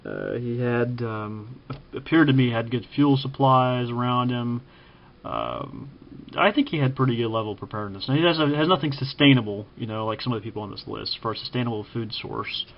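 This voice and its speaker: A man from Kansas giving casual spoken commentary, halting with frequent ums and self-corrections. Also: medium pitch, lively intonation, creaky, muffled recording. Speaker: vlogger ranking TV preppers.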